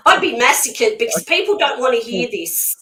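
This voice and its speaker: A woman's voice: a little high, lively intonation, unhurried, sharp tone, slight background noise. A woman speaking as a spiritual medium guest in a casual conversation, blunt, emphatic and outspoken. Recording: echoey room sound.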